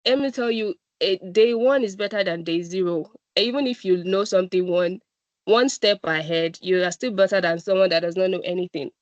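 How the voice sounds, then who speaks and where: A woman's voice: mid-range voice, fairly quick, no room sound, muffled recording. A woman with a Nigerian accent giving an encouraging presentation talk as a guest speaker, often checking in with "right?". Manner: encouraging, repeats "right?" and "I'm telling you". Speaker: guest speaker at a data analytics boot camp.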